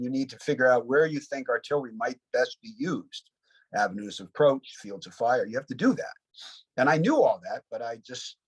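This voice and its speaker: A man's voice: medium pitch, slightly rough, poor audio. A man in his seventies, a Vietnam veteran, telling rambling war stories in an interview with frequent "you know" asides. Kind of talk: reflective war storytelling.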